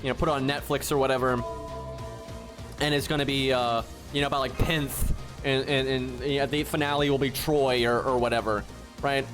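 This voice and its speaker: A man's voice: mid-range voice, steady tone, brisk, music in the background. A man streaming a game, ranting in casual talk and swearing freely, with a "right?" after nearly every point. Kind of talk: casual live-stream rant.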